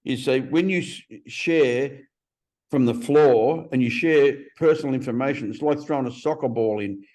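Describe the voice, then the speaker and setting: A man's voice: medium pitch, normal speed. Blunt, swearing man in his fifties. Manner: blunt, profane, animated storyteller. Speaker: podcast guest. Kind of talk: casual interview storytelling.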